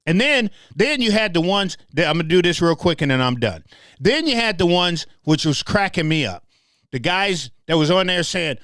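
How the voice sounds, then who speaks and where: With a sing-song, fairly bright voice on the high side, this middle-aged Southerner from Memphis, Tennessee, talks fairly quickly. He hosts livestream commentary, passionate and repetitive, speaking directly to his audience in clean studio sound without echo.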